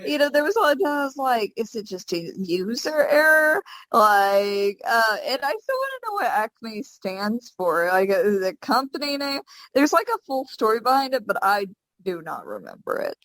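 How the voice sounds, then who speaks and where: A woman from the American South co-hosting a casual podcast, animated and playful, with a casual curse now and then. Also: on the high side, normal speed, no echo, poor audio. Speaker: podcast co-host. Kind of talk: casual chat.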